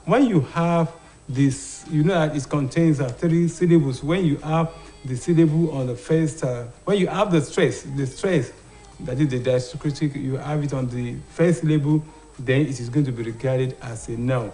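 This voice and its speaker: A man's voice: a little high, moderate pace, mellow, faint music behind. A man teaching an English pronunciation lesson on television, asking rhetorical questions and answering them himself, with frequent hesitations. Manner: hesitant, with many "uh" and "what" fillers. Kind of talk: TV classroom lesson.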